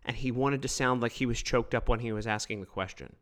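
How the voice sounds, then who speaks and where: A man giving opinionated solo political commentary, emphatic and quick to mock others. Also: mid-range voice. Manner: emphatic, animated, mocking quoted voices.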